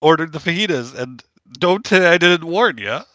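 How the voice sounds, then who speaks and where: Man, slightly high, bright voice, dry close sound; corny stand-up bit, rambling setups. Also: lively intonation, moderate pace, dry recording. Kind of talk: mock stand-up routine, casual chat.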